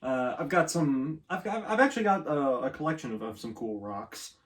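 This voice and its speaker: A man's voice: medium pitch, animated, moderate pace. A young man answering interview questions casually, with many fillers, restarts and easy laughs. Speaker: guest, student performer.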